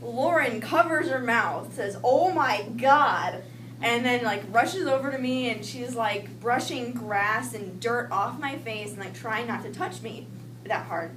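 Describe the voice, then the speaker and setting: A young woman telling a personal childhood story in a lively way, acting out the voices she quotes. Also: on the high side, measured pace. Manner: animated, acts out quoted voices. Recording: echoey room with noise, mic at a distance.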